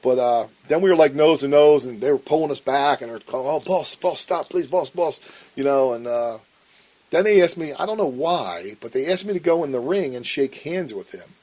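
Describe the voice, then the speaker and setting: A man's voice: mid-range voice, animated, fairly quick, darkish tone, poor audio. A man telling a story in a blunt interview, swearing often and acting out the arguments he recounts. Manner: blunt and profane, acts out quoted arguments. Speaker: interview guest.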